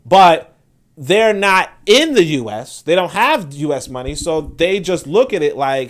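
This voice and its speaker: A man with a fairly high voice, talking casually on a livestream. He rambles, restarts his sentences and breaks off to check in with his viewers. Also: lively intonation, measured pace. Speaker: host.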